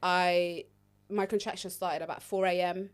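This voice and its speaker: A young woman, a midwife guest on a podcast, telling her story in a lively way and acting out what people said. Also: on the low side, moderate pace, smooth. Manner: animated, acts out the voices of people in her stories.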